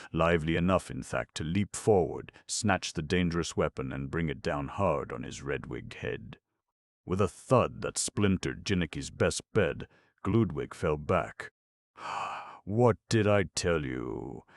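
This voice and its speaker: Deep, gravelly male storybook narrator, dry close mic. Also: no echo. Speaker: audiobook narrator.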